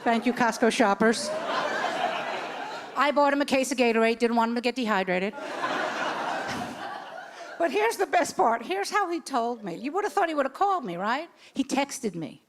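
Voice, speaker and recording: Woman in her 60s doing stand-up, high voice all over the place, noisy live club sound. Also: moderate pace, pauses often. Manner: animated storytelling with voiced characters. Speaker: stand-up comedian. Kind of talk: stand-up comedy set. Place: comedy club stage. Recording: live club recording with background noise.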